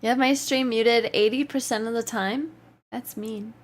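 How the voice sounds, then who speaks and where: A woman's voice: fairly high pitch, steady tone, normal speed. A woman livestreamer chatting casually, reading out and answering her chat while often laughing. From Canada.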